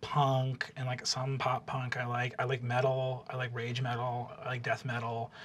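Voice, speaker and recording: A man's voice: mid-range voice, monotone, moderate pace, fairly bright tone, pitched below the performer's own voice, lightly acted. A man doing an awkward, rambling teen girl. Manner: hesitant, rambling, full of "um" and "like". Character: awkward teenage girl, secretly sinister. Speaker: game master.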